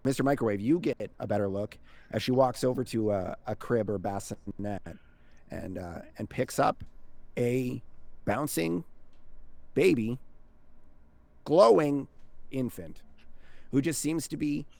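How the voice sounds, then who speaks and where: A man narrating a tabletop game as game master in a relaxed, casual, rambling way. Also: mid-range voice, unhurried, gravelly, long pauses, no room sound.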